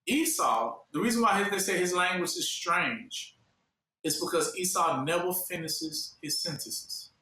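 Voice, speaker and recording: A man preaching a sermon, posing questions and pausing for listeners to fill in the answer. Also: sits high, lively intonation, pushed and bright. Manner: call-and-response questions, fill-in-the-blank pauses. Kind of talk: sermon teaching. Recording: echoey room from far off.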